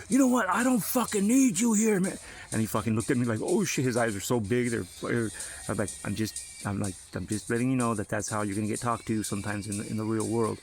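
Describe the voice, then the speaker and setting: A man with a low, gravelly voice tells a casual, rambling story about working alongside his son. His talk is full of fillers and swearing, and faint music plays behind him. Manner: rambling and profane, with many fillers. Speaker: father giving a family update.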